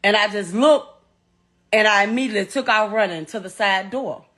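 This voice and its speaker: A woman's voice: medium pitch, normal speed, a bit bright. A middle-aged woman giving a personal account in an interview, talking bluntly and emotionally, with swearing and frequent repetition. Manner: emotional, blunt and profane, repeats herself as she recounts.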